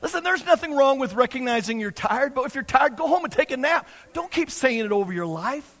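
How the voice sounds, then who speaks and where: A man's voice: very high-pitched, animated, a little fast, fairly bright tone, long reverb tail. A man preaching a sermon as pastor, emphatic and repetitive, sometimes acting out the people he quotes.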